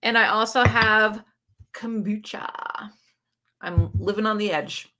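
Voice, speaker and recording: A woman with a bright, forceful voice hosting a relaxed livestream. She chats loosely, laughs a lot and answers viewer comments as they come in. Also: mid-range voice, slow. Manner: chatty, laughs often, reads viewer comments aloud. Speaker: book channel host. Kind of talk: casual livestream chat.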